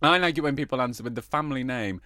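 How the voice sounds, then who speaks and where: Bright, playful man teasing. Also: mid-range voice, dry recording, studio quality. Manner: playful, teasing, quick to laugh. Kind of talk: casual chat.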